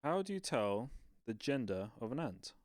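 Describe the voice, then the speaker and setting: A man's voice: mid-range voice, big pitch swings, a little mellow, no room sound. Easygoing man telling jokes, dry sound. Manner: easygoing, quick to react with laughs. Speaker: podcast co-host. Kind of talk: casual chat, telling jokes.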